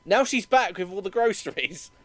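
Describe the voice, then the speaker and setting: Brit guy picking apart plot holes, bouncy pitch, dry close sound. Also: moderate pace, no room sound. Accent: British. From Britain. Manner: animated, nitpicking plot holes. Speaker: co-host. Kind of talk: comedic banter.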